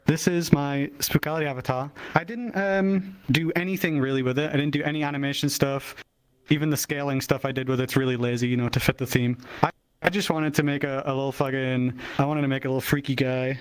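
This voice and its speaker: A man's voice: medium pitch, fairly even intonation, a little fast, clean tone, low-quality recording. Rambling man swearing casually. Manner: loose, swears often, rambling with restarts. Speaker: avatar creator showing his work. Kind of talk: casual show-and-tell.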